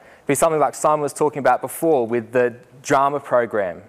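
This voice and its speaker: A man's voice: medium pitch, fast talker. A young Australian man, a teacher giving a talk to an audience, telling a story with humor and acting out the voices he quotes.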